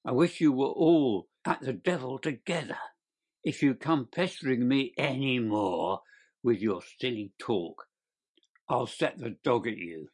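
A blustering, short-tempered market salesman who barks and shouts in a raised, rougher voice, as an audiobook reader puts him on. His tone turns harder and unlike the reader's usual timbre. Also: medium pitch, moderate pace, hardly any pauses. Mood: angry. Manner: shouting, fierce. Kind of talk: audiobook character reading.

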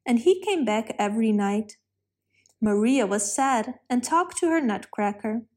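A woman narrating a children's storybook in a calm, clear read-aloud manner. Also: on the high side, measured pace.

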